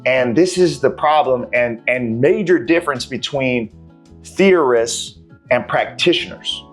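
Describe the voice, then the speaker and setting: A man's voice: mid-range voice, animated, unhurried, soft background music. A man, a martial arts coach, talking in a casual, slangy and profane way as he tells his story to the camera.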